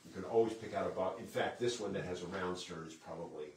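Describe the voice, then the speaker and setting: A low-voiced man gives a relaxed history lecture to an audience, walking through slides and asking himself questions he then answers. He sounds some way off the microphone in a roomy hall, with faint background noise. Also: quick pace, recorded from a distance. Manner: conversational, poses and answers his own questions. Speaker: museum historian giving a lecture. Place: lecture room at a historic site.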